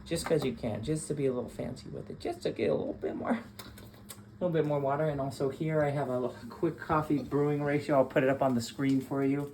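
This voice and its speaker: Man, coffee vlog, casual home chat, self-mocking jokes, middle pitch, faint room hum. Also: steady tone, fairly quick, a little mellow. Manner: joking, self-mocking, rambling. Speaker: coffee vlogger. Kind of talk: casual how-to chat while brewing coffee.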